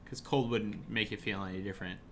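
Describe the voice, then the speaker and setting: A man's voice: fairly low pitch, steady tone, brisk, fairly bright tone, slight background noise. A man running a tabletop role-playing game as game master, casual and hesitant, with frequent ums.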